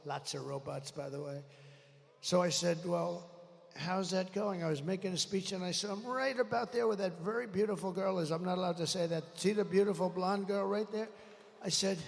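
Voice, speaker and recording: Gravelly man ranting at a rally. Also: sits high, steady tone, normal speed. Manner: rambling, boastful, angrily complaining about the mic. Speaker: political rally speaker. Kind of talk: unscripted rally speech. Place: large rally venue. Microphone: podium microphone. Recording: echoey arena with faint crowd.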